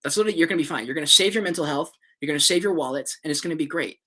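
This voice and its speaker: A man in a studio, talking fast in a loose, rambling vlog rant. His voice sits a bit high and sounds bright and forceful, and he swears casually and restarts his sentences as he goes. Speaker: crypto and NFT YouTuber.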